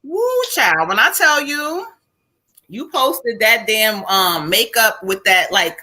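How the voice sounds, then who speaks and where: Casting: middle-aged woman, psychic live-stream host, higher voice, lively and exclamatory. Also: slow pace. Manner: lively, loud exclamations and laughter.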